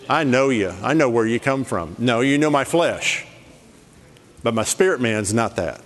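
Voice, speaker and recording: A man preaching a sermon in a lively, playful way, rattling off scripture references. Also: mid-range voice, a little slow. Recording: long hall reverb.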